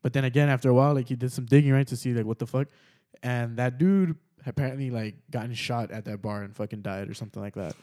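Young man, podcast host, casual storytelling, mellow voice, easygoing, lots of fillers, swears often. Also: mid-range voice, fast. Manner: relaxed, swears a lot, many fillers.

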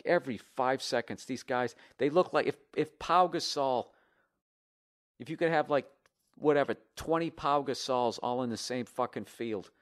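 A man holds forth on his comedy podcast in a profane, combative rant. He works himself up into loud bursts, then drops into low, mumbled asides. His voice sits in an ordinary middle pitch. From United States. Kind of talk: ranting comedy podcast, reading listener emails.

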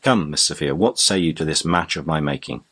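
Generous courtly baronet, read by a man, teasing, deep husky voice, audiobook. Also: a little fast, a bit bright, full character voice. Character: genial, generous older baronet.

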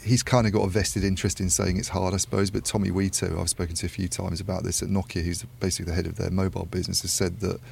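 A man's voice: low-pitched, level tone, very fast, creaky, hardly any pauses, a little mellow, slight background noise. A man talking through industry issues in a casual podcast discussion, thoughtful and rambling with many asides. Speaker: podcast panelist.

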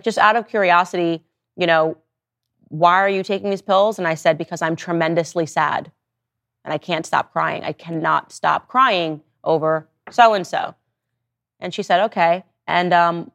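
A woman in her thirties hosting her own show, delivering a personal monologue and acting out the people she quotes. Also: on the low side. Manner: animated storytelling, acting out quoted voices. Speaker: podcast host.

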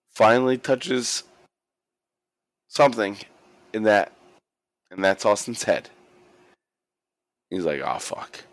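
A man excitedly recapping a wrestling match in casual chat, swearing a lot and acting out the wrestlers' lines. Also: lowish voice, no echo. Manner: animated, swears constantly, acts out quotes. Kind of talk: casual profane play-by-play recap.

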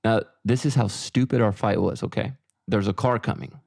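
A man's voice: lowish voice, moderate pace, vocal fry, darkish tone, no echo, clean studio sound. A middle-aged man co-hosting a podcast, telling a story in casual chat and quoting himself and his wife. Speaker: podcast co-host.

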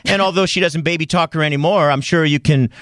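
A man's voice: a little high, fast, a bit bright, dry recording. A man hosting a radio talk show, chatty and laughing often in a radio studio. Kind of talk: casual studio chat. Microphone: studio mic.

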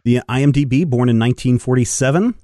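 A man's voice: medium pitch, fast talker, dry recording. Podcast host man, dry close sound. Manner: animated, acts out quoted lines in funny voices. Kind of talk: casual chat about comics.

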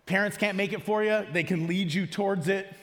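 Conversational pastor in a reverberant hall. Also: male voice, sits high, fairly even intonation, brisk, fairly bright tone. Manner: conversational preaching, asks the congregation questions. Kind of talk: sermon. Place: church auditorium.

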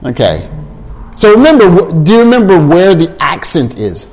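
A man teaching English to a class of learners, repeating phrases slowly and switching into Japanese to explain. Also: on the high side, wildly swooping pitch, darkish tone.

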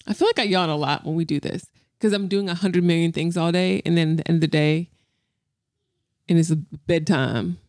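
A woman's voice: fairly low pitch, moderate pace, a little mellow, no room sound, clean studio sound. A tired, yawning woman co-hosting a podcast in casual chat, playful and teasing. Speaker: podcast co-host.

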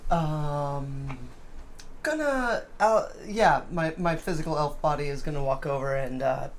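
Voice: medium pitch, animated. A player in a tabletop game who describes their character's actions casually and hesitantly. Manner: hesitant, deliberate.

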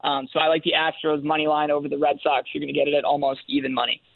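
A man phones in to a sports radio show and talks through his betting picks at an easy pace, pausing on fillers as he works out his reasons. His voice sits a little high for a man. The line is thin and tinny and completely dry. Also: gravelly, dry recording. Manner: relaxed, with fillers and measured reasoning. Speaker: sports betting analyst guest.

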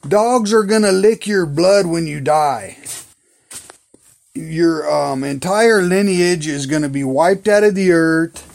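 A man's voice: fairly high pitch, slow, gravelly, a little mellow. A man voicing the prophet Elijah in a retold Bible story, slangy and taunting.

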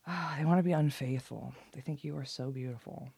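A woman giving a casual tarot reading, drifting into soft whispers and trailing phrases. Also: low voice, brisk, vocal fry, breathy edge. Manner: swearing, giddy, laughing often. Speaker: tarot reader.

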